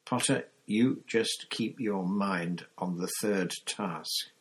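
Casting: gruff grizzled old wizard, growling, deep and husky, read by a man. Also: slow pace, full character voice, low-quality recording.

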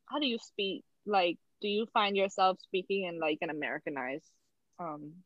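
A woman's voice: fairly low pitch, moderate pace, no room sound. A woman hosting a casual chat, asking the others questions. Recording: dull, dry lo-fi sound.

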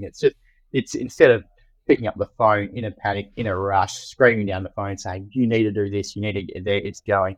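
A man's voice: low voice, no echo, rough recording. An Australian man, the general manager of a trade business, chatting casually on a podcast with lots of fillers and restarts. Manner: loose and conversational, many fillers and restarts.

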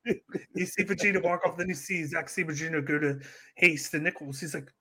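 Guy telling a story on a podcast, kinda high bright voice, does little quote voices. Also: fairly quick, husky. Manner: animated storytelling, acts out quotes. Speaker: podcast co-host. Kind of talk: casual wrestling podcast chat.

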